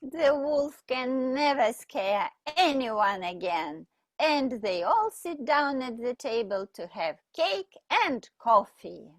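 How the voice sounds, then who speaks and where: A woman reads a storybook to young learners in a high, sing-song voice that rises and falls a lot. She speaks very slowly and pauses to point at the pictures. The sound is close and dry. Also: no echo. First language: Russian. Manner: slow, expressive, pointing at pictures. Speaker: English teacher for children. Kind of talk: reading a picture book aloud to children.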